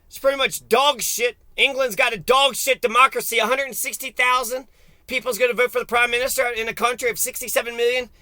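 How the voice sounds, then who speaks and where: A man's voice: very high-pitched, steady tone, fairly quick, sharp tone, dry recording. A man giving a crude, profane and mocking solo political rant. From United States. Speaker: political commentator.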